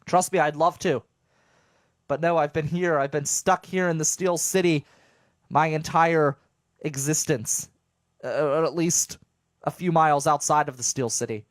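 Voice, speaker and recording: A man's voice: fairly high pitch, steady tone, measured pace, no echo, studio quality. A young man from southwestern Pennsylvania hosting his own show, talking casually and animatedly to listeners, rambling with jokes and stammered restarts. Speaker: radio show host. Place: home studio.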